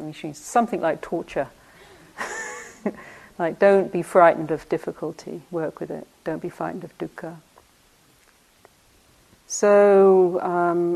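A woman's voice: lowish voice, vocal fry. An older woman, a meditation teacher telling stories from her past in a reflective talk, often breaking into laughter. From United Kingdom. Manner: anecdotal, often laughing, soft asides.

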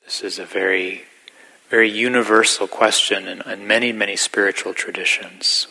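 A middle-aged meditation teacher speaks in a gentle, reflective way, sometimes sinking to a near whisper. His voice sits a little low but has a bright, forceful edge. He sounds calm and unhurried as he gives a spiritual talk. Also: rough recording. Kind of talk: dharma talk.

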